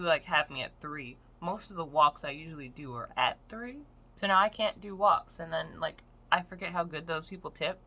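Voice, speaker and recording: Woman, late twenties, lower voice with a bright, sharp edge, swearing freely through a casual vlog rant. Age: 20s. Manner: frank, profane, exasperated storytelling. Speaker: vlogger.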